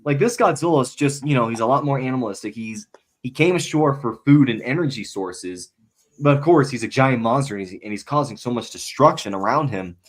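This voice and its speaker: A man's voice: mid-range voice, expressive, brisk. Male podcast co-host, sincere and chatty, lots of filler words. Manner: earnest, filler-heavy retelling of film scenes. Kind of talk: casual chat.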